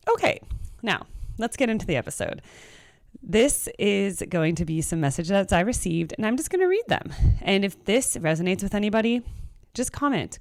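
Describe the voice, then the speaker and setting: A woman's voice: clear, resonant tone, no room sound, clean studio sound. A young woman hosting her own music channel, talking casually to camera and acting out what other people say. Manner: chatty, animated, acts out quoted people in a higher voice. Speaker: music reaction channel host.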